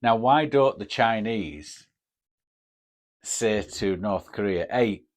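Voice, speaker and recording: A man talks in a casual, rambling monologue, cursing freely as he goes. His voice sits on the low side, and he takes his time, drawing his words out slowly. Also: lively intonation. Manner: rambling, sweary storytelling. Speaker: podcast host. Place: home in Japan.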